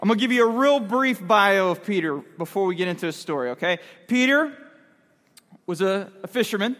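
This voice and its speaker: A man's voice: high-pitched, expressive, fairly quick, fairly bright tone. A man giving a casual youth sermon, talking with the audience and asking them questions. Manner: conversational, asks the audience questions. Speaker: youth pastor. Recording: long hall reverb.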